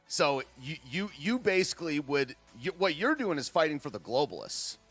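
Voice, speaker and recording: A man's voice: on the high side, big pitch swings, normal speed, fairly bright tone, faint music behind. A man hosting a political podcast. He argues heatedly with comments from his chat and rambles through many restarts. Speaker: podcast host.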